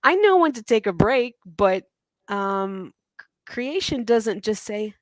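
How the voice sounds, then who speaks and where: Lively woman guest on a video call, laughs a lot, dry close sound, forties. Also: medium pitch, takes it slowly, no echo. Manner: animated, laughs often, self-deprecating. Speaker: podcast guest, teacher and mom. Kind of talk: casual interview chat.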